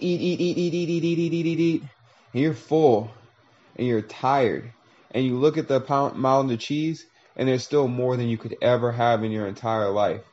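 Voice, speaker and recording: A man's voice: medium pitch, a little mellow, muffled recording. A man talking through a long, reflective monologue, casual and profane, acting out little voices as he tells a story.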